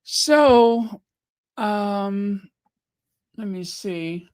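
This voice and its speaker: A woman hosting a fan channel livestream speaks with a low-pitched voice and lively intonation at a measured pace, chatting casually, musing aloud, and reading out viewer comments. It's casual chat reacting to clips and comments, recorded dry in studio quality.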